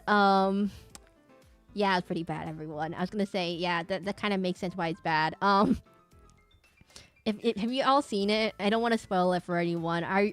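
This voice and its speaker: A woman's voice: mid-range voice, a bit bright. A woman streamer chatting casually with her live audience, rambling with lots of fillers and restarts.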